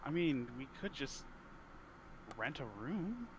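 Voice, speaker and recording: A man's voice: fairly high pitch, big pitch swings, takes it slowly, slight background noise. A man playing a tabletop game, talking in a wry, persuasive way. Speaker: player. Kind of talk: casual tabletop play.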